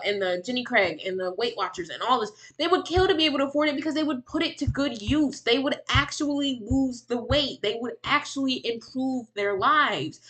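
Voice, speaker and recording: A woman delivers exasperated reaction commentary on a livestream. Her voice is bright and pushy, sitting a little high. She rants in long runs with frequent repetition. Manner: heated, ranting, exasperated. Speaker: commentary streamer reacting to a clip.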